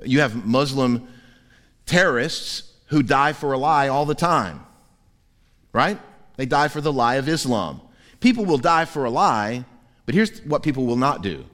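A man preaching a sermon as pastor in a church, lively and humorous, acting out quoted voices. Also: medium pitch, measured pace, long reverb tail. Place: church sanctuary.

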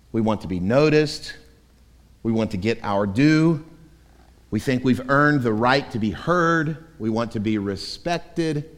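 A man preaching as pastor, telling stories in a self-mocking, emphatic way. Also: lowish voice. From Florida. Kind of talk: sermon. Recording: echoey church hall.

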